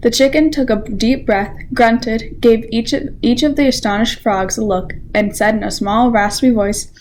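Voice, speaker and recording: A teenage girl volunteer reading a children's picture book aloud with expressive storytelling. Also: on the high side, normal speed, slight background noise. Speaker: library volunteer reader.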